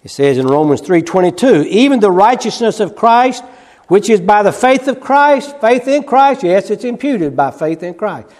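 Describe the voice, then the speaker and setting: A man preaching a sermon. He swings between loud, quick emphasis and hushed, slow passages, and repeats key phrases. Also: high voice, very animated. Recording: long reverb of a large hall.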